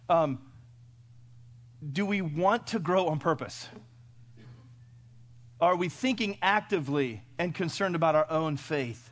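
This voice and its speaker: A middle-aged man preaching a sermon in a folksy way, firing off rhetorical questions and swinging from loud to hushed. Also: fairly high pitch, lively intonation, takes it slowly, pauses often. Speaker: pastor.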